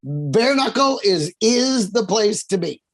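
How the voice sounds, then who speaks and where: A man's voice: high-pitched, slow pace. A man co-hosting a casual sports podcast, telling stories with lots of swearing and energy. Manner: animated storyteller, swears freely. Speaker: podcast co-host.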